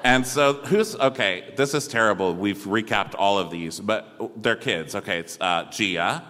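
A man co-hosting a live podcast, recapping an episode with campy jokes and quick impressions. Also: on the low side, pushed and bright. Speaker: podcast co-host. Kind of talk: comedic recap chat. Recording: live venue with hall reverb.

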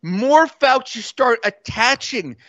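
A man hosting a podcast, rambling through an improvised comedic story in a rapid, jokey way, slipping into goofy voices. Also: extremely high pitch, expressive, a bit bright, no echo, highs cut off. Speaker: podcast host running a comedic game.

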